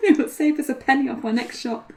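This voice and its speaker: A woman's voice: high voice, fast talker. A British woman co-commentating a card game match in casual chat, teasing and laughing often. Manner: giggly, teasing, animated.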